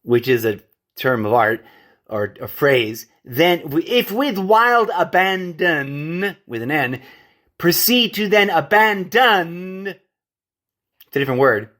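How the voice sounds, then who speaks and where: A man's voice: mid-range voice, lively intonation, takes it slowly, fairly bright tone. A man hosting a podcast in a solo monologue, ranting and digressing, often stopping to correct his own words and calling his listeners folks. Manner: addresses listeners as folks and friends. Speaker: podcast host.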